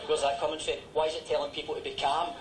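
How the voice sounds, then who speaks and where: A man's voice: fairly high pitch, level tone, very fast, heavy background noise, lightly acted. An actor playing a grumpy Scottish man trapped in a lift, scornful and sarcastic, in a comedy clip played back in a hall. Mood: grumbling. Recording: comedy clip played in an echoey hall, far from the mic, audience laughter.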